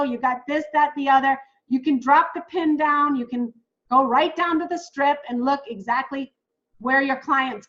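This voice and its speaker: A woman coaching new travel agents in a casual, excitable way, talking straight to viewers as "guys". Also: high voice, highs cut off. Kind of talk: casual teaching while screen-sharing.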